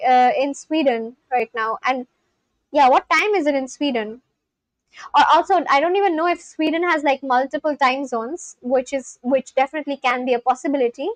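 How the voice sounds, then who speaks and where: A woman's voice: sits high, no echo, low-quality recording. A woman hosting a casual live stream, chatting with viewers, reading out their messages and laughing often. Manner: chatty, reads out and answers chat, laughs often.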